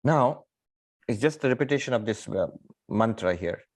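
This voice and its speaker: A middle-aged male monk lecturing on scripture, his voice sitting in a moderate pitch range. He pauses thoughtfully with small fillers, then rises sharply and loudly on key points. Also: lively intonation. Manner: emphatic, wide swings in pitch and loudness. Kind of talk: spiritual lecture with storytelling.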